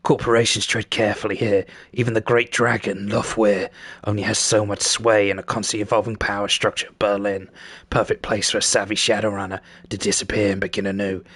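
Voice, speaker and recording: A man doing a gruff cyberpunk narrator. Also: lowish voice, level tone, a little fast, a bit bright, dry recording. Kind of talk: reading game narration aloud.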